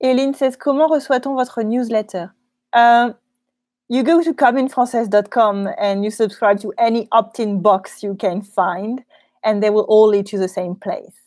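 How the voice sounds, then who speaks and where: A French teacher with a French accent, chatting in a live question-and-answer session from a small office studio room, laughing easily between frequent ums. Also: female voice, on the high side, steady tone, moderate pace, darkish tone, no room sound. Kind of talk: live Q&A chat.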